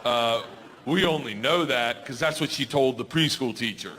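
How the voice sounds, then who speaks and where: A man in his thirties doing a crude, animated stand-up set on a club stage, telling a story with shouted outbursts. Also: mid-range voice, moderate pace, a little hiss or hum. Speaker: stand-up comedian. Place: comedy club stage before a laughing crowd. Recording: live club recording, crowd laughter.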